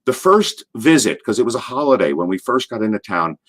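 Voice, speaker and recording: A man's voice: lowish voice, big pitch swings, brisk, a bit bright. An older man, a former wrestler, telling a rambling story in an interview and acting out the people in it. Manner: rambling, acts out quotes in voices. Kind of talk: animated storytelling.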